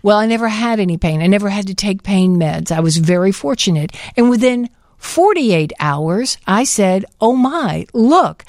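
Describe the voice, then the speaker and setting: A woman co-hosting a radio show, telling a personal story in casual chat with animated delivery. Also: medium pitch, moderate pace, no echo, clean studio sound. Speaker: radio co-host.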